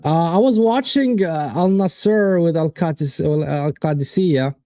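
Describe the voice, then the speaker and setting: Casual male stream host, animated and profane, warm dark tone, dry booth sound. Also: fairly high pitch, a little slow, dry recording. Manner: animated, swearing, reads out chat predictions. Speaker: watchalong host. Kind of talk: casual live-stream football chat.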